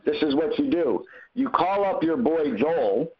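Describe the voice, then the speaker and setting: Animated man hosting a coaching call. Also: fairly high pitch, a little slow, breathy edge. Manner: animated, acts out quoted conversations. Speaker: host answering callers' questions. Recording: muffled lo-fi call audio.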